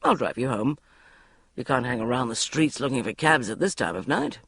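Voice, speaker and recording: A reader voicing a smooth, polite young man speaking gently to his girlfriend in an audiobook. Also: medium pitch, sing-song, normal speed, no echo, pitched below the performer's own voice, exaggerated voice. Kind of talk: audiobook reading.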